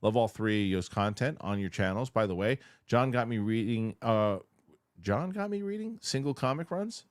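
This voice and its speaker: A man reads viewer comments aloud on a casual panel show. He is chatty and animated, his voice sits fairly low, and the studio mic sounds dry and close. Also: moderate pace, no echo. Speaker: host reading viewer comments.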